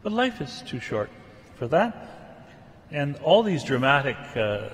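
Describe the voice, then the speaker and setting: A man preaching a sermon in an animated, chatty way that comes back to pointed remarks. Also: mid-range voice, measured pace, in a large hall.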